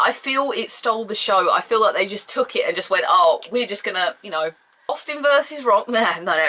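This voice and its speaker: A woman's voice: medium pitch, bright, forceful tone. A woman reviewing an old wrestling event in a casual, rambling way, gushing as a fan and apologizing for her tangents.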